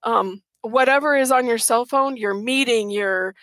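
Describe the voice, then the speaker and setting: A woman's voice: a little high, measured pace, fairly bright tone, no room sound. A middle-aged woman speaking earnestly and emphatically as a guest in a casual interview, repeating words for stress.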